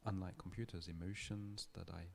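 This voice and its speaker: A man giving a public lecture, telling a story in a thoughtful, measured way with small restarts. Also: low voice, fairly even intonation, creaky, a little hiss or hum. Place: lecture hall.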